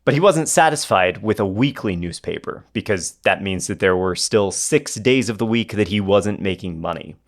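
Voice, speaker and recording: A man's voice: lowish voice, lively intonation, moderate pace, few pauses. A man hosting a podcast, telling a history story in a conversational way with asides to his co-hosts. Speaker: podcast host.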